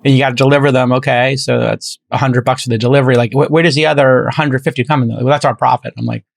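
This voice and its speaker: A man's voice: mid-range voice, fairly even intonation, fast, vocal fry. A middle-aged man hosting a podcast, telling stories in casual chat and acting out both sides of conversations. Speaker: podcast host.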